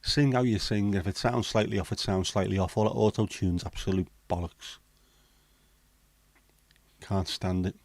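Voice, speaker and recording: Hosting a relaxed livestream, a middle-aged man reads comments from viewers and answers bluntly, swearing freely. He speaks at normal speed with frequent pauses, in a fairly low, steady voice, with no room sound.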